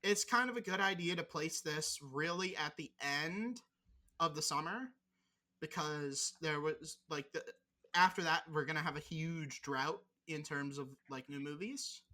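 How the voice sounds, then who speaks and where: A podcast co-host talks in loose, rambling casual chat with a bright, forceful tone. The talk is teasing and sprinkled with swearing. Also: mid-range voice, unhurried.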